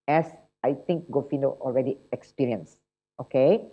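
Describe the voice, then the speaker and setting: Low-pitched woman, encouraging instructor, dull call audio. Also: brisk. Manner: chatty, encouraging, checks in with "yeah?" and "right?". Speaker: TOEFL instructor. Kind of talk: online workshop teaching. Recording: muffled lo-fi online call audio.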